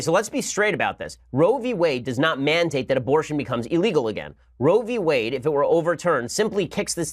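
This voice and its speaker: A man's voice: on the high side, no echo, studio quality. A man hosting a show, delivering a sarcastic political commentary monologue. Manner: rapid-fire, sarcastic. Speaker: host.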